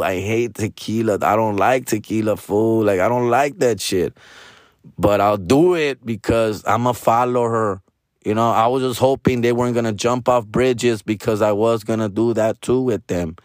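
A man in his forties rambles through a casual, profane monologue, his voice worn hoarse and raspy. His voice sits on the low side, he mixes in Spanish slang, and he keeps tacking "fool" onto his lines. The recording is dry, with no room sound. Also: normal speed, no echo. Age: 40s. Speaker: comedian.

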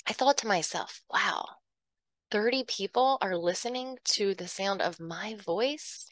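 A woman's voice: lowish voice, a bit bright, no room sound. Earnest woman podcast host, dry sound. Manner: earnest, emotional, laughs often. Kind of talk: heartfelt talk to listeners.

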